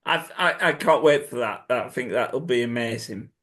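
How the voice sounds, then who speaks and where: A man's voice: mid-range voice, moderate pace, a bit bright. A man hosting a casual chat on a video call, stumbling and repeating words as he begins his questions. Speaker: host.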